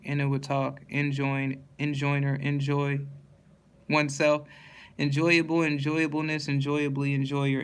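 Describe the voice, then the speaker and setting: Flat-voiced man reading word lists. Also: mid-range voice, smooth. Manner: monotone word-by-word reading with stumbles and restarts. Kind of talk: reading dictionary entries aloud in a steady list.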